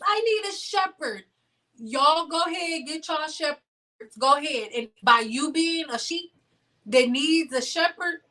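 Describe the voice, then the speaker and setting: A woman's voice: sits high, sharp tone, far from the mic. Blunt, preachy woman host. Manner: blunt, preachy, fond of repetition. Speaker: beauty channel host. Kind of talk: livestream talk to viewers.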